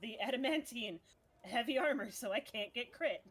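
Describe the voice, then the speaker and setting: A woman chatting casually on a live tabletop game stream, blunt and quick to laugh and swear. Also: a little high, animated. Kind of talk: casual gaming chat on stream.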